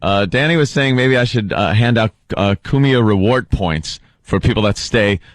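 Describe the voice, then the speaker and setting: A man co-hosting a radio show, telling animated stories full of laughter and quoted voices in casual banter. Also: on the low side, moderate pace, dry recording.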